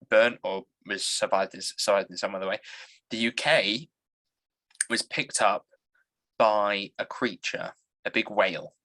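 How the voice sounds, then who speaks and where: Male podcast host, low and bright, working through plot points with restarts. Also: rough recording. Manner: hesitant, explaining plot step by step. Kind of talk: casual commentary chat.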